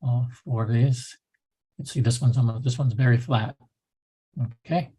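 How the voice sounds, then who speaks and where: A man's voice: medium pitch, fairly even intonation, normal speed, warm tone, slightly rough. A man instructor giving a recorded lecture in a loose, rambling way with many restarts.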